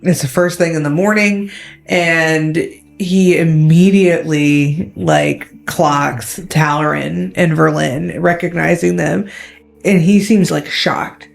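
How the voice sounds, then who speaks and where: Woman game master, lowish voice, slow relaxed narration, faint music behind. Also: gravelly. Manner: relaxed, filler-heavy narration.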